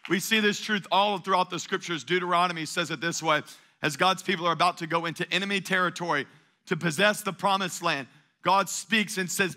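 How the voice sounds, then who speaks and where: A man's voice: sits high, pushed and bright. A middle-aged male pastor preaching a sermon to a church congregation, repeating phrases and calling for the crowd to answer back. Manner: call-and-response preaching, repeats phrases for emphasis. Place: church sanctuary, before a congregation.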